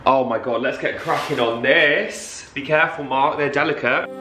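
A young man filming a casual vlog in his flat, gushing and excitable as he talks to viewers. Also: mid-range voice, normal speed, distant mic, soft background music. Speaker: vlogger. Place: flat, indoors. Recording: echoey room.

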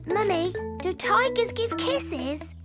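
A woman's voice: very high voice, heavily acted. Trotro, a playful little boy donkey. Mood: cheerful. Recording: children's music playing behind.

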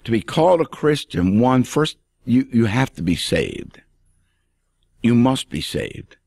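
A man's voice: medium pitch, big pitch swings, unhurried, vocal fry, a little mellow, dry recording, studio quality. A male pastor preaching an emphatic radio sermon and speaking straight to the listener.

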